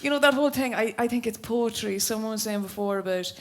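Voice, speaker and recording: A woman's voice: a little high, fast talker. A twenty-nine-year-old woman with a County Louth Irish accent, a comedian chatting and laughing through stories as a guest on a live podcast. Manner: chatty, laughing, self-mocking storyteller. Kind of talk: casual chat on a live podcast. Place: live show venue.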